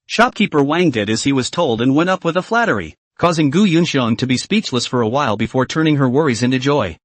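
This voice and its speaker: A man reading a scripted story recap narration in a lively, expressive way. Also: a little high, a little fast, hardly any pauses, dry recording.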